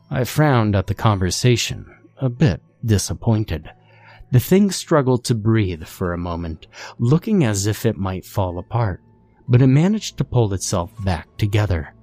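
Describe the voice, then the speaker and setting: A man narrates a horror story in a calm, measured reading. His voice is very low and he takes his time with each line. Faint music plays underneath.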